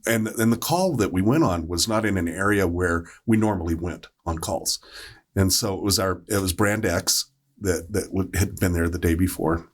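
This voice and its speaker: Low-voiced man telling a work story. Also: normal speed. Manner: rambling, many fillers and restarts. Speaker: paramedic. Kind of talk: storytelling on a podcast panel.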